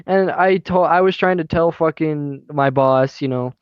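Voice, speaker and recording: A man's voice: a little high, moderate pace, clean tone, no room sound, lo-fi sound. A young man telling a story in casual chat as a podcast co-host, heated and profane throughout.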